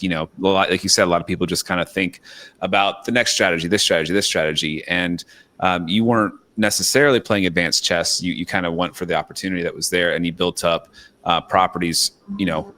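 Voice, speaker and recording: A man's voice: deep voice, sharp tone. A man hosting a podcast, affirming his guest and asking loose, rambling questions full of fillers. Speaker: podcast host. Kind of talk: casual interview talk.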